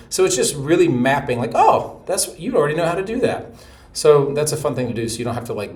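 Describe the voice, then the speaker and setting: A middle-aged man teaching a relaxed, chatty voice lesson, breaking into short sung demonstrations. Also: medium pitch. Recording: echoey room with faint noise.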